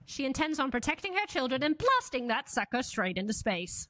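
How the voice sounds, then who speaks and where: A woman hosting a podcast, recapping a TV episode with animated storytelling and frequent laughter. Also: high-pitched, a little fast, no room sound, clean studio sound. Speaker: podcast host.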